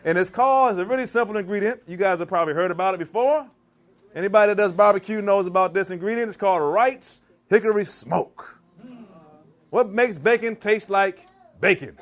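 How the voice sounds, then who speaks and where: A man from Maryland giving an animated live cooking demonstration in a church hall, teasing and quizzing his audience. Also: high voice. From Maryland, US East Coast. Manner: animated, teasing, asks the crowd questions. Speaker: chef giving a cooking demo.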